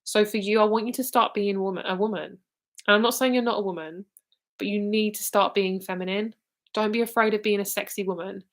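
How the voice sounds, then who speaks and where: A woman's voice: medium pitch, fairly even intonation, brisk. Casual young British woman giving a reading. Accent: British English. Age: 20s. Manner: casual, swearing, rambling with fillers and restarts. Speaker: psychic reader. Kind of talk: live psychic reading.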